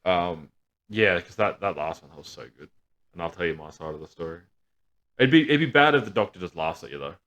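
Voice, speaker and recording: A man's voice: low-pitched, lively intonation, a little fast, fairly bright tone, dull audio. A man, co-hosting a podcast, telling crude jokes and family stories with plenty of swearing and laughter. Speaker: podcast co-host. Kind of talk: casual banter.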